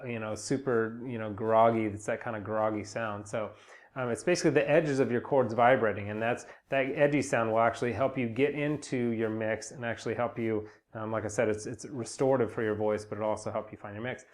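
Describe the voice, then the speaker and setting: Relaxed man teaching singing. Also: lowish voice, fairly quick. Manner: relaxed, rambling, many fillers and restarts. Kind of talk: casual spoken vocal lesson with sung demonstrations.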